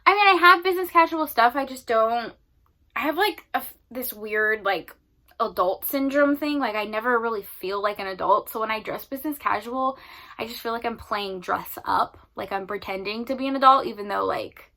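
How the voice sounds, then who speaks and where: A woman's voice: a little high, moderate pace, sharp tone. A young woman book vlogger talking in a rambling, casual way, with lots of fillers, emotional and close to tears at times. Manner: rambling, filler-heavy, 'like' often. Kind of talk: casual vlog chat.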